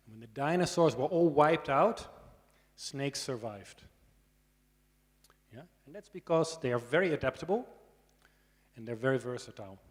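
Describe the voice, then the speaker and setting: A man giving a conversational lecture on snakes to students, often checking in with the audience through tag questions and dry asides. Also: mid-range voice. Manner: dry humor. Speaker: snake expert giving a conference talk. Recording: long hall reverb.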